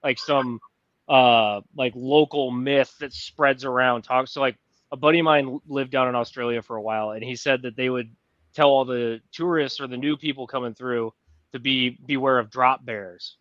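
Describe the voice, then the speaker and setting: A male podcast host rambles through his questions, padding them with fillers. The recording sounds dull and very dry. His pitch is mid-range. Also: steady tone, moderate pace, fairly bright tone, dry recording. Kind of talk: casual podcast conversation.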